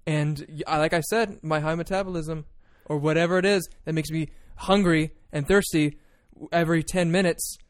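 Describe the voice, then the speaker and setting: A young man co-hosting a casual podcast, joking, swearing and often laughing. His voice sits a little high for a man. The sound is close and dry, with no room echo. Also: fairly even intonation, moderate pace, few pauses. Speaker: podcast co-host. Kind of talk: casual banter. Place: small room at home. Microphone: desk podcast mic.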